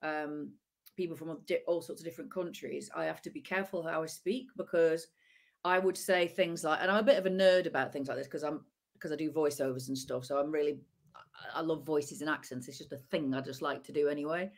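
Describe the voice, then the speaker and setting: A woman comedian with a northern English accent, chatting fast and animatedly in a casual conversation. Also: low-pitched, steady tone. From northern England. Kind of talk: casual chat.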